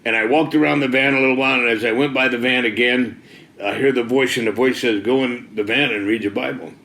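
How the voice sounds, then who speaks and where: A middle-aged testimony speaker recounts his life story in a loose, folksy way, sprinkling in lots of "man" and "you know." He talks fast with a sharp tone, an ordinary pitch and fairly even intonation, his voice ringing in a roomy, echoey space.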